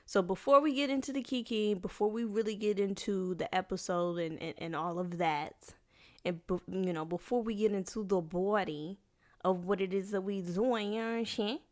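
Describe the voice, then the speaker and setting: A woman's voice: medium pitch, normal speed, a little mellow. A young woman hosting a solo podcast, chatting casually in a rambling, playful, slangy way full of restarts and asides. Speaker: podcast host.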